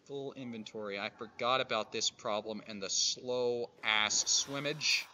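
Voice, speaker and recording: A man streaming a survival game, muttering and grumbling and swearing at creatures, with sudden loud outbursts. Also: medium pitch, fairly even intonation, slow, a little hiss or hum. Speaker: gaming streamer. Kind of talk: casual let's-play commentary.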